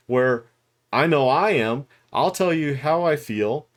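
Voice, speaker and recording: A man's voice: mid-range voice, lively intonation, takes it slowly. A middle-aged man giving candid, rambling commentary to the camera, with restarts and chuckles along the way. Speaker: YouTube commentator. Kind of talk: unscripted talking-head commentary.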